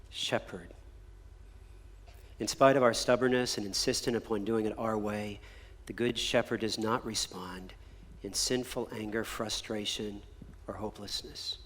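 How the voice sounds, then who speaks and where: Earnest male preacher in a reverberant church. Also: fairly low pitch. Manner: earnest preacher who drops to a soft near-whisper on key phrases. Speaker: pastor. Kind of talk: sermon. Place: church sanctuary.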